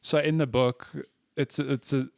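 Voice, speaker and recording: A man's voice: mid-range voice, fairly even intonation, a little slow, gravelly, no echo, studio quality. A man co-hosting a podcast in casual chat, chatty and given to swearing and laughing. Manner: chatty, swears and laughs often, many restarts. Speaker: podcast co-host.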